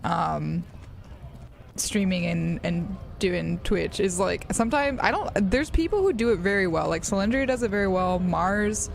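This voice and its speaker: A woman's voice: mid-range voice, expressive, a little slow, creaky, slight background noise. An American woman live-streaming a game, chatting casually and rambling with many fillers and laughs. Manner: rambling, giggly, lots of fillers. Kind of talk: casual live-stream chat while gaming.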